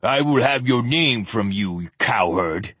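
A man's voice: medium pitch, very animated, normal speed, fairly bright tone, breathy edge, no room sound, pitched above the performer's own voice. A man voicing a pompous, self-important male zealot who blusters arrogantly and rises to a half-shriek.

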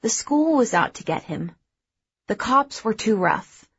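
A woman narrating a first-person story in a measured, even way. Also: a little high, breathy edge, no echo, highs cut off. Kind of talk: audiobook narration.

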